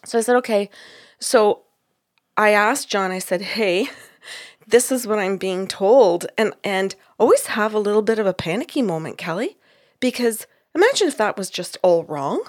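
A woman's voice: medium pitch, normal speed, no echo, clean studio sound. Chatty woman telling a story. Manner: animated, laughs often, quotes others in dialogue. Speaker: psychic medium, podcast co-host. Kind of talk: casual storytelling chat.

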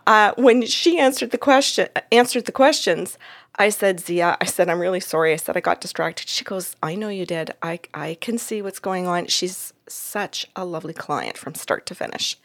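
A woman telling a story from a client session in a casual, animated way, acting out the voices in it and laughing often. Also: lowish voice.

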